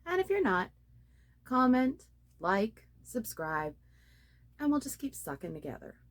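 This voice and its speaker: On the high side and sing-song, this young woman's voice takes its time as she talks casually to her phone camera about beginning a podcast. The phone rests on a ring light tripod. She's a beginner blogger and podcaster who jokes about her own mistakes and laughs at every slip.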